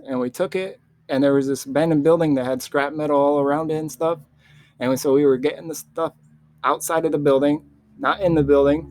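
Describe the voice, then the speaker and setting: A man's voice: on the high side, no room sound. Young man telling a rambling story. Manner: rambling, with restarts and quoted voices. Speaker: vlogger. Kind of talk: casual storytelling.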